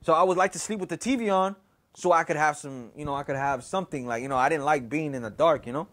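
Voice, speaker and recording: A man's voice: fairly high pitch, quick pace, a bit bright. A man from Houston, telling a personal story in a casual, profane, rambling way, full of "you know" and "right?". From Houston, Texas.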